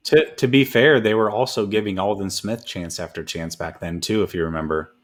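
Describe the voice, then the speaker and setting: Low-voiced, easygoing male co-host. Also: fairly quick, a crowd in the background. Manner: easygoing, agreeable, mostly short replies. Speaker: podcast co-host. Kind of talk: casual chat.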